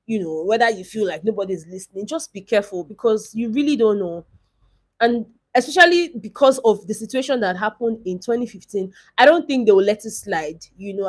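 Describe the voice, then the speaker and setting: A woman's voice: mid-range voice, a little mellow. A young woman, chatting casually in a vlog as she recaps a reality show, rambling and retelling scenes.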